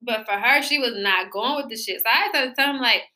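A woman co-hosting a podcast in casual chat, telling an animated story and swearing freely. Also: on the high side, a little fast. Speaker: podcast co-host.

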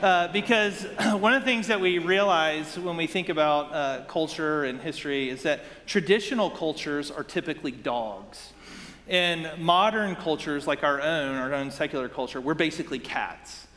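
A man's voice: on the high side, normal speed, sharp tone, long reverb tail. A man giving a sermon as pastor, praying and then preaching in a conversational way, with many rhetorical questions and asides to the congregation.

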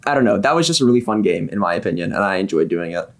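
A man on a casual podcast, an improv performer, telling stories in a relaxed way with lots of ums. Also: low voice, rapid-fire. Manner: relaxed storytelling with many fillers.

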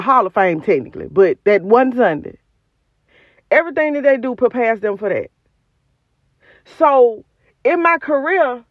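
A woman's voice: sits high, no echo, dull audio. A woman hosting a podcast, giving an emphatic, repetitive, preacherly motivational talk recorded on her phone. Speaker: podcast host.

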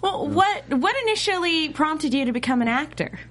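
A woman's voice: high voice, expressive, normal speed, a bit bright. A woman hosting a casual interview, asking her guest questions. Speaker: show host.

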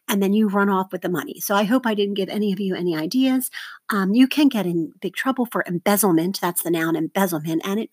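A woman's voice: mid-range voice, dry recording. A woman teacher talking her class through a recorded vocabulary lesson, informal and chatty, drifting into asides. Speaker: middle school teacher.

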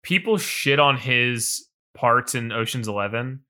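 A man's voice: medium pitch, lively intonation, a little slow, pushed and bright. A young man co-hosting a casual film podcast, emphatic and enthusiastic, arguing his points playfully and swearing freely. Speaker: podcast co-host.

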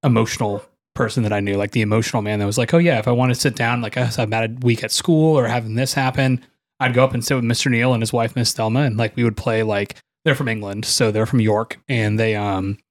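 A man's voice: fairly low pitch, fairly even intonation, fast. A man co-hosting a podcast in casual chat, telling loose stories with frequent swearing and laughs. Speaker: podcast co-host.

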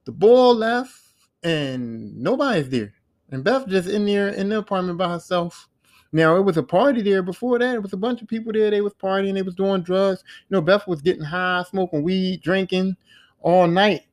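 A man with a voice a touch higher than most talks through a series on his podcast. His retelling is loose and slangy, full of swearing, and he keeps slipping into the characters' lines as he tells it. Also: moderate pace. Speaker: podcast host. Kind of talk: casual show recap.

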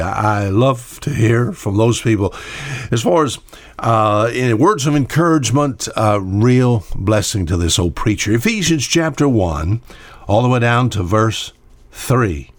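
An older man preaching a radio sermon as host, in a folksy, conversational way, often repeating words and pausing on fillers. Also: medium pitch, expressive, no echo.

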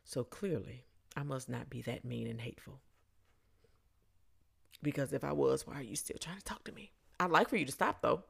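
Low, gravelly woman telling a blunt story. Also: normal speed, long pauses. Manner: blunt, sarcastic, dry. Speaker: podcast host. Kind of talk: casual storytelling.

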